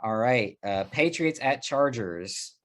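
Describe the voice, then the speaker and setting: A man hosting a casual sports podcast, leading the picks with quick, teasing banter. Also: mid-range voice, expressive. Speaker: podcast host.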